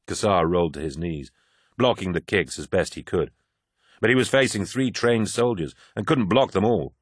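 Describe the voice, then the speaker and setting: A man narrating a science-fiction audiobook in a steady, measured way. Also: low-pitched, dry recording, studio quality. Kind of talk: scripted narration.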